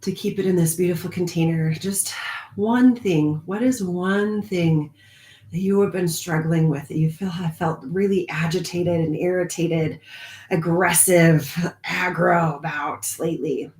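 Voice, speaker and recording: A woman's voice: on the low side, fairly even intonation, reverberant. A woman leading a live online spiritual group, talking in a confiding way and laughing often. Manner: warm, confiding, laughs often, speaks slowly at moments.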